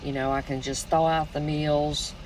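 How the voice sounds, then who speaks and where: A woman in casual chat, telling stories in an unhurried way and laughing often. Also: sits low, little pitch movement, a little mellow, slight background noise, poor audio. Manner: unhurried storytelling, frequent laughter. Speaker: snare maker.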